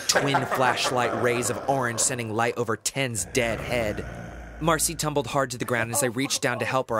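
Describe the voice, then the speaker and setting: A man narrating a first-person horror audiobook in an expressive, dramatic way. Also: medium pitch.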